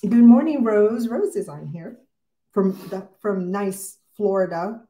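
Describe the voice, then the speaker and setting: A woman's voice: mid-range voice, lively intonation, unhurried, dark tone, reverberant. A middle-aged woman hosting a casual morning devotional livestream, talking in an emotional, rambling way with many fillers.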